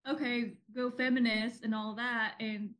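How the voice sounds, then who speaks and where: A woman's voice: on the high side, little pitch movement, a little slow, fairly bright tone. A young married woman co-hosting a podcast in casual chat, joking and laughing often. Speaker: podcast co-host.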